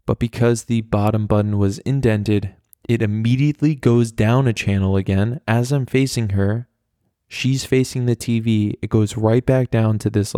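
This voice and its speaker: Gravelly low-voiced American man telling stories. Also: warm tone, no room sound, studio quality. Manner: rambling, frequent "like" fillers, candid and profane. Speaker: podcast host. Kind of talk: casual storytelling monologue.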